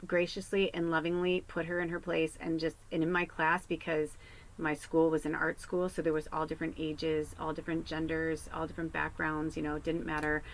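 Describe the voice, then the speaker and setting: A woman's voice: deep voice, completely flat delivery, brisk, rough recording. A woman psychic medium telling a personal story in a casual, rambling way, swearing freely.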